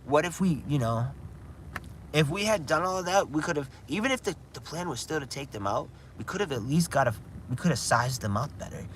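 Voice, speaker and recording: A man's voice: on the high side, expressive, brisk, fairly bright tone, slight background noise. A man chatting casually on a livestream from outdoors, rambling and saying "dude" a lot. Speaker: gaming livestreamer.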